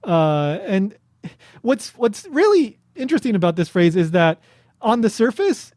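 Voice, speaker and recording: Man hosting a podcast, slightly high voice, chatty and rambling, dry close sound. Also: a little mellow, no room sound. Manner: chatty, explains with many fillers and restarts. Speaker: podcast host. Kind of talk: casual podcast chat.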